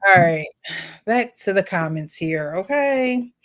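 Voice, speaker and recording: A woman's voice: medium pitch, expressive, takes it slowly, fairly bright tone. A woman hosting a panel in casual chat, playful and teasing, often breaking into laughter. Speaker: panel host.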